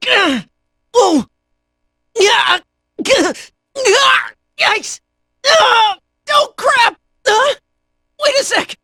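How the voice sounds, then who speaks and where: A woman voicing a brash, cocky young fighter in a video game, shouting short battle cries and jokey taunts. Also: extremely high pitch, expressive, drawn-out words, long pauses, dry recording, studio quality, heavily acted. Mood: startled.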